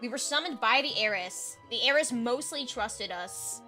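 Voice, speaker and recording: A woman's voice: fairly high pitch, animated, normal speed, sharp tone, soft background music. A woman streamer chatting casually and reading her detective character sheet aloud, with chatty asides.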